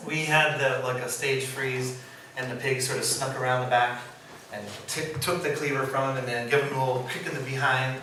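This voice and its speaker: A man who works as a puppeteer, giving an informal, animated storytelling talk and laughing often as he acts out quotes. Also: medium pitch. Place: presentation room. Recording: echoey room, mic far, background noise.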